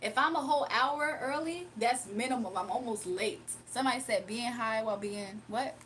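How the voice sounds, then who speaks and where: Chatty woman livestreamer, slightly high voice. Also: normal speed, a bit bright, slight background noise. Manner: chatty, laughs often, answers viewers directly. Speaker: livestream host reading chat. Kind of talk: casual livestream chat. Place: home, early morning.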